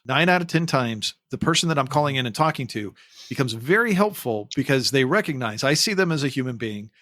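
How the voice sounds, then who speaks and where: A man hosting a casual group discussion, speaking in a reflective, measured way and drawing others in by name. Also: mid-range voice, animated, pushed and bright, no echo, clean studio sound. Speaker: podcast host.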